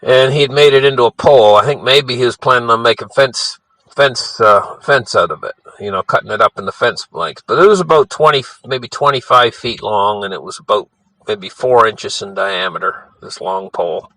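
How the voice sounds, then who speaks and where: A man's voice: medium pitch, normal speed, pushed and bright, no room sound, rough recording. An older man telling a childhood story in a casual, rambling way, often adding "you know" and restarting his sentences.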